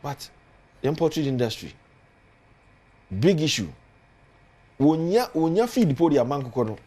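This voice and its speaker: A man's voice: on the high side, sing-song, normal speed, mellow. A man with a Ghanaian accent, a politician guest on a studio talk show, speaking earnestly and building emphasis as he lists points.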